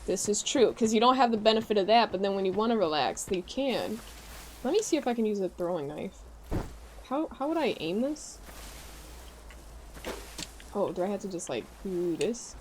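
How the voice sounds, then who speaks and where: A young woman with a Midwestern American accent, chatting with her live-stream chat while playing a game, reading messages aloud with excitable reactions. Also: mid-range voice, moderate pace, long pauses, slight background noise.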